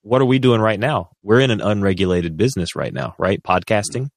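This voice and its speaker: A man co-hosting a podcast, talking in a casual, rambling, animated way with frequent restarts. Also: lowish voice, fairly quick, dry recording, studio quality. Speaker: podcast co-host.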